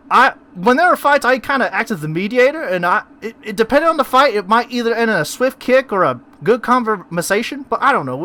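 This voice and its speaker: A chatty, self-important woman courier in a tabletop game, put on by a man. The voice sits far above his own, bright and bouncing. She rambles as she talks. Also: high-pitched, voice pushed up, exaggerated voice.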